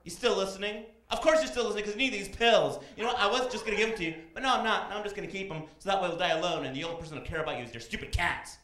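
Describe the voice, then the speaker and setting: A man in his thirties performing a stand-up comedy set on a club stage, animated and slipping into loud voices for his characters. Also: high-pitched, rapid-fire, few pauses, slight background noise. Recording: echoey club room.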